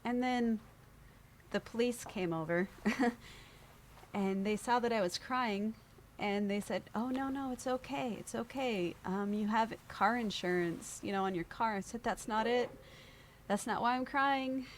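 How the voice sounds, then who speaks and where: With a medium-pitched voice and a slightly slow delivery, a woman on a podcast relates a personal story, voicing the people she quotes in an animated exchange. There is slight background noise.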